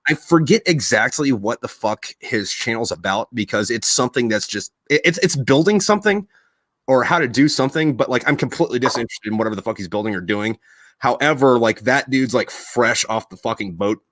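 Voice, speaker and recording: A young man co-hosting a podcast, chatting casually and telling stories in a profane, animated way. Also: mid-range voice, fairly quick, dry recording. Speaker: podcast co-host. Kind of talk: casual chat.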